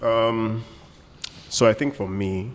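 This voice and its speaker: A man's voice: fairly low pitch, fairly even intonation, slow, long reverb tail. A man, co-hosting a casual podcast chat and explaining his views through examples and asides. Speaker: co-host.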